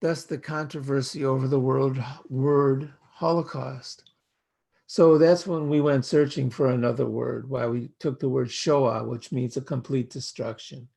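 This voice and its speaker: Older American man, rabbi, slow meditative sermon, gravelly low-energy delivery. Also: steady tone, dark tone. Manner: slow, measured, poetic phrasing. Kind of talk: reflective spoken sermon.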